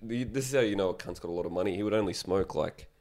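A man's voice: low-pitched, racing, a little mellow. A man, a podcast guest telling crude, laid-back stories from his youth. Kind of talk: casual storytelling.

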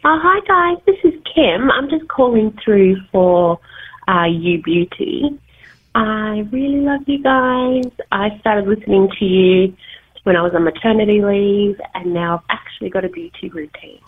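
Woman caller on a tinny phone line, low-ish husky voice, friendly and a bit hesitant. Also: unhurried. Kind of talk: voicemail message.

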